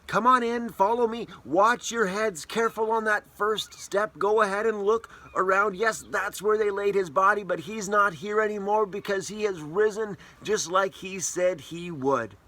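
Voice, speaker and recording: A man's voice: high-pitched, normal speed, hardly any pauses, pushed and bright, voice pushed up. A man doing a chirpy angel tour guide. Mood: chirpy, welcoming. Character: cheerful male angel giving a tomb tour.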